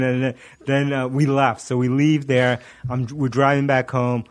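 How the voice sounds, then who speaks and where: A middle-aged man telling a story in casual chat, animated and laughing often, with many fillers and restarts. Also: mid-range voice, moderate pace.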